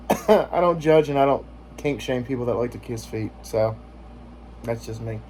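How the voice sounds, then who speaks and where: A man's voice: medium pitch, unhurried, darkish tone, slight background noise. A man vlogging in casual chat, joking and rambling with lots of filler words.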